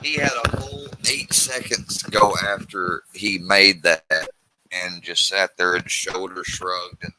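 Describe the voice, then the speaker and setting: A man's voice: deep voice, steady tone, measured pace, bright, forceful tone, slight background noise, low-quality recording. A man commenting on a livestream, sarcastic and mocking as he argues.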